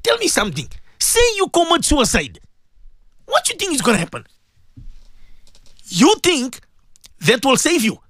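A man's voice: very high voice, breathy edge, no room sound, clean studio sound. A middle-aged man, a Muslim cleric hosting a radio talk show, telling a story to his listeners in an emphatic, preaching way. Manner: animated, emphatic preaching, addresses listeners directly.

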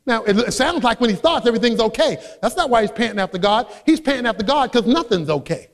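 A man with a very high voice for a man preaches a sermon. He is emphatic and builds from quiet asides to shouted high points, like a pastor working his congregation. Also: expressive, fast, hardly any pauses, long reverb tail. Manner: emphatic preaching, swinging between soft asides and shouted peaks.

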